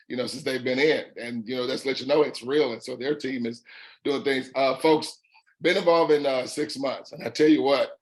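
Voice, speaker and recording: A middle-aged man with a raspy voice and a Southern drawl, hosting a call and telling his story in an upbeat, folksy way, repeating words for emphasis. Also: medium pitch, poor audio. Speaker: host. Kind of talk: casual call testimony.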